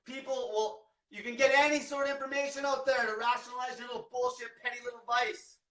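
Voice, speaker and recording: A man's voice: very high voice, flat delivery, quick pace, few pauses, sharp tone. A young man giving a blunt, profane motivational rant as a diet coach, swearing constantly. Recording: echoey room, mic at a distance.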